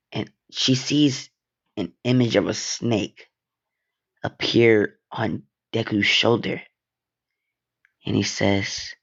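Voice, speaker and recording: A man's voice: lowish voice, vocal fry, highs cut off. A young man casually narrating a fan story, with offhand, rambling asides and swearing.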